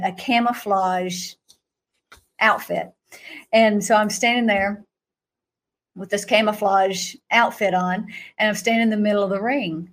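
A middle-aged woman telling a story in an animated way, laughing often and jumping to a high voice when she acts out reactions. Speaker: guest recounting a vision.

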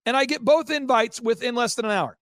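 A man telling an excited testimony as an interview guest, fast and intense, acting out quotes as he goes. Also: extremely high pitch, no echo, studio quality.

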